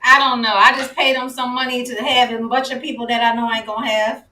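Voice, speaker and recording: A woman hosting a casual live-stream interview, effusive and quick to exclaim. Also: fairly high pitch, flat delivery, pushed and bright. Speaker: host. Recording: echoey room.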